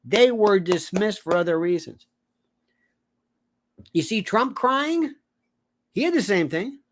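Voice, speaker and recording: A man talking in a rambling, theatrical monologue as a commentator, his pitch swinging widely from line to line. He keeps correcting himself mid-sentence and breaks into mimicked voices of the people he describes. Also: expressive, slow. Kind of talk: animated political commentary monologue.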